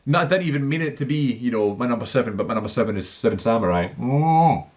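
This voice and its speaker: A man's voice: mid-range voice, expressive, quick pace, a little mellow. Chatty, rambling man vlogging about films. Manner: chatty, rambling, many fillers and restarts; enthusiastic. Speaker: film vlogger. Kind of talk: casual movie list monologue.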